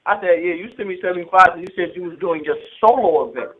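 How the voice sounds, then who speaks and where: Man, battle rapper, high voice, profane streetwise storytelling, quoted phone calls, tinny phone-like audio. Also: quick pace. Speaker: battle rapper in an interview clip. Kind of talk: animated storytelling in an interview.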